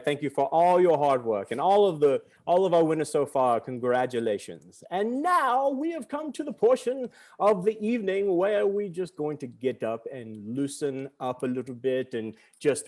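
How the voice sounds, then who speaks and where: A man hosting an online family event in a playful, theatrical, joking way over a video call. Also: fairly high pitch. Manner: jokey, upbeat, theatrical. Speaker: event host and entertainer.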